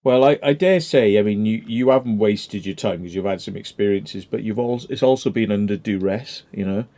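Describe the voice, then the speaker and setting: A man's voice: fairly low pitch, moderate pace, mellow. A man in casual chat who talks hesitantly, repeating words and swearing casually.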